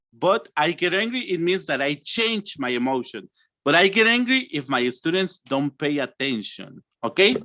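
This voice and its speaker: A man, teaching an online English lesson, acting out emotions and stretching words slowly. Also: on the high side, sharp tone, dry recording.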